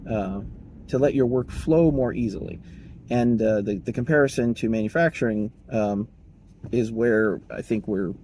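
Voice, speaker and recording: A man's voice: medium pitch, a little mellow, slightly rough, poor audio. A man talking casually on his own show, rambling and correcting himself as he goes. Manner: rambling, self-correcting, chuckling, mock dialogues in raised voice. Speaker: podcast host. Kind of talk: casual solo talk.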